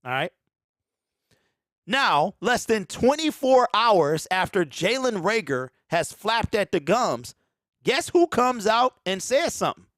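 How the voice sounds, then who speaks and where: With a slow pace, a sports fan show host in his forties riffs on viewer comments during a casual live-stream, animated and laughing often as he talks straight to his audience. His high voice swings widely in pitch. The audio is close, dry and echo-free, with almost no room around it.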